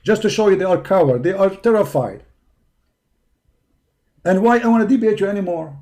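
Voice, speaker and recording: A hoarse man hosting a live stream, delivering a combative, mocking rant that taunts his opponents. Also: high voice, lively intonation, moderate pace, darkish tone. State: hoarse from hours of talking.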